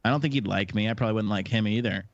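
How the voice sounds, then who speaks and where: A man's voice: on the low side, rapid-fire. Laid-back young man, slightly muffled. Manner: laid-back, frequent "like" fillers. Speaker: podcast guest. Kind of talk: casual chat. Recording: slightly muffled podcast audio.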